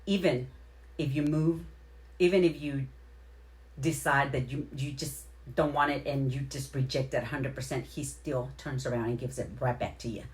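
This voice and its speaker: A woman hosting a casual livestream, giving effusive, rambling shout-outs and repeating her thanks to viewers. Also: extremely low pitch, fairly even intonation, normal speed. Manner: heartfelt, near tears at moments. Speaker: livestream host.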